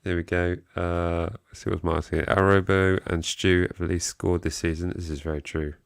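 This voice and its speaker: A man's voice: low voice, flat delivery, moderate pace, gravelly, clear, resonant tone, no room sound, studio quality. An English man co-hosting a football fan live stream, joking casually and reading out chat comments. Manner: jokey, reads chat aloud, chuckles and trails off. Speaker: co-host of a football fan show.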